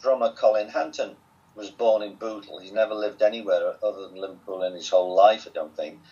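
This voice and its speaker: A man's voice: fairly low pitch, fairly quick, mellow. An older man from England with a Southwest Lancashire accent, telling stories as an interview guest in a chatty, wry way. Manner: chatty, wry, self-amused. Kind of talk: relaxed storytelling. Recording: dull lo-fi sound.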